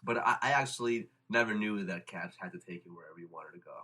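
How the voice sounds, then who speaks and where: A young man, hosting a casual podcast and telling stories quickly with lots of restarts. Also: sits low. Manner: fast, animated storytelling with restarts. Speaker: podcast host. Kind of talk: casual chat.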